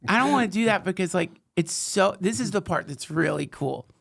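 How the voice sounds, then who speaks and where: A man hosting a podcast in casual, rambling chat, getting excitable and jumping up in pitch when animated. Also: a little fast, gravelly, slightly rough. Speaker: podcast host.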